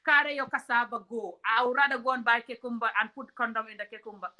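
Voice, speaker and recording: A woman's voice: a little high, steady tone, quick pace, crowd noise. A woman from Africa hosting a comedic relationship talk, blunt and outspoken, often laughing. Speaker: host.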